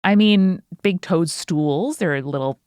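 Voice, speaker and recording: A woman co-hosting a podcast, reacting with quick, joking asides. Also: lowish voice, darkish tone, no room sound, clean studio sound. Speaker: podcast co-host. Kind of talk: casual chat.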